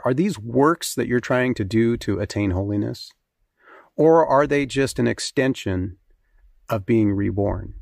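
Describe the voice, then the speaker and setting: Male preacher, earnest and conversational, mid-pitched, dry recording. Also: gravelly, no echo. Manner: earnest, conversational, with fillers and restarts. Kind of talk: sermon with scripture reading.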